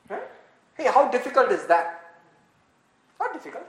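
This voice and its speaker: A pastor preaching a sermon in an animated way, often laughing and acting out little dialogues. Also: medium pitch, normal speed, long pauses, reverberant, rough recording.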